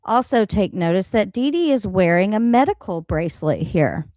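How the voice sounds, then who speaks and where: A woman hosting a reaction livestream, talking in a blunt, animated and profane way about the clips she plays. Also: mid-range voice, normal speed, no room sound. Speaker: livestream host. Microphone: home streaming mic.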